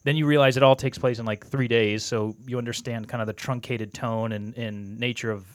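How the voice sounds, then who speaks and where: A man talks casually as a podcast guest, spelling out his views at a brisk clip. His voice sits at an ordinary pitch and is recorded dry and close, with no room sound around it. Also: fairly even intonation, no echo. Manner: opinionated, quick to explain his views. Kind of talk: casual chat.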